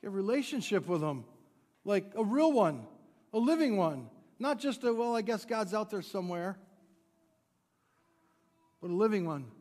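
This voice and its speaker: A man with a high, light voice preaches a sermon in a church sanctuary, his words trailing off into a long hall echo. He rises to loud, emphatic declarations, then sinks to hushed, low lines. Between them he drops playful, chuckling asides to the congregation. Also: very animated, normal speed, long pauses. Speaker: pastor.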